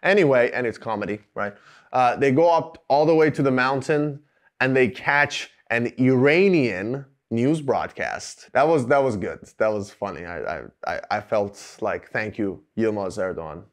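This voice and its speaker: A man's voice: mid-range voice, lively intonation, unhurried. A man hosting a film-review talk to camera, rambling with sarcastic jokes and asides. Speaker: show host reviewing films.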